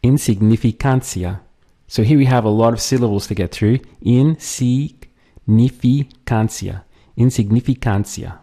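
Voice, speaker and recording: A man teaching a language lesson, patiently drilling words and pausing for the listener to repeat them. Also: on the low side, fairly even intonation, mellow. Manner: slow, patient, drills words and pauses for repetition.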